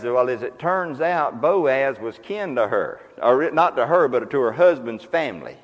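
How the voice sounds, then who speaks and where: A man preaching a sermon to a congregation, folksy and conversational, often asking them questions. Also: medium pitch. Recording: long reverb of a hall.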